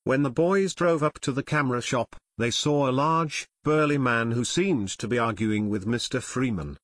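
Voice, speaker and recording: Male audiobook narrator, steady delivery, medium pitch, dry booth recording. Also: moderate pace, dry recording.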